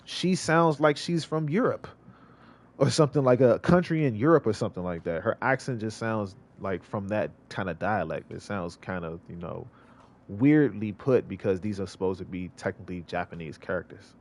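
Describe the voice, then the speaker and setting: A male streamer with a lowish voice gives casual gameplay commentary at a moderate pace. He rambles and repeats himself, restarting his sentences again and again.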